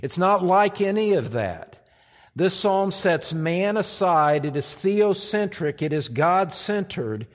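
A man preaching an expository sermon as pastor, emphatic and deliberate, repeating key phrases for weight. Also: sits high, lively intonation, big-room sound. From United States. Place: church sanctuary.

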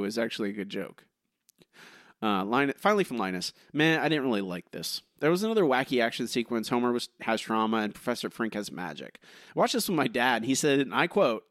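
Lively-voiced man co-hosting a podcast. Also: medium pitch, fast talker, no echo, studio quality. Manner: lively, wry delivery of reviews. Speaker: podcast co-host. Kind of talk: casual podcast chat, reading listener reviews.

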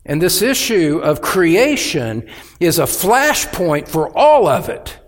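A man preaching a sermon as pastor, earnest and urgent, pressing each point with emphasis. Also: high voice.

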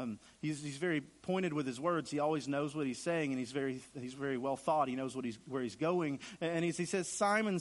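A man preaching a sermon in an earnest way, repeating phrases for emphasis and acting out the lines he quotes. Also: a little high. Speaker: pastor.

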